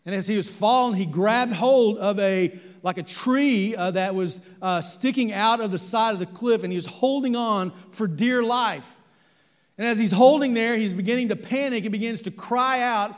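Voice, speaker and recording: Earnest pastor preaching in a reverberant church. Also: male voice, sits high, normal speed. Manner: earnest, with many fillers and restarts. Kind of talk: sermon. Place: church sanctuary.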